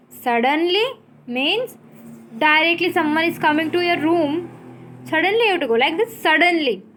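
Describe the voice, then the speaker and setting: In a recorded English lesson, a woman teacher with an Indian English accent explains words slowly and spells them out letter by letter. Her pitch is extremely high, with a bright, forceful tone.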